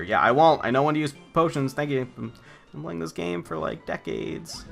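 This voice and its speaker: A man's voice: mid-range voice, a little fast, gravelly, a bit bright, soft background music. Sarcastic young man commentating a game. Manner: sarcastic, jokey, talks back to game characters. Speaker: let's play commentator. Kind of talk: casual gaming commentary.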